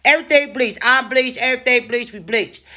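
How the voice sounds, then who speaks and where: Bright-voiced woman telling a dramatic story. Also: fairly high pitch, fairly quick. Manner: animated, profane, dramatic storyteller. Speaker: storytime vlogger. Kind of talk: casual storytelling.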